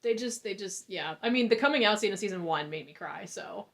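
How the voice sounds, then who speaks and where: A woman's voice: mid-range voice, expressive, a little fast, fairly bright tone. A woman co-hosting a book club chat over a video call, rambling with hesitant restarts. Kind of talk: casual chat.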